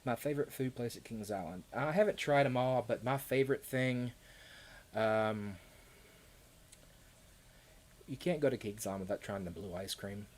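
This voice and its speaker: A man's voice: medium pitch, fairly quick, a little mellow. A man with a Kentucky accent chatting casually with viewers on a live stream, rambling with frequent laughs and fillers.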